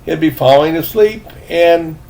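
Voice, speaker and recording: Slow older man reading a novel aloud. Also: a little high, gravelly, a little mellow, slight background noise. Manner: unhurried, breaks off to chat about his drink. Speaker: reader.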